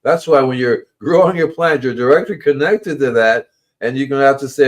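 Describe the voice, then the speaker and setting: A man hosting a gardening livestream, talking casually in a rambling way and repeating his words. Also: brisk. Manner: rambling, repeats words, acts out animals in squeaky voices. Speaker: gardening show host.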